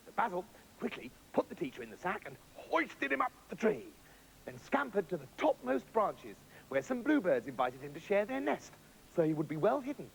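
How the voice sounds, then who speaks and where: Manic, excitable male storyteller. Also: sits high, moderate pace, vocal fry, rough recording. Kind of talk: comic storytelling.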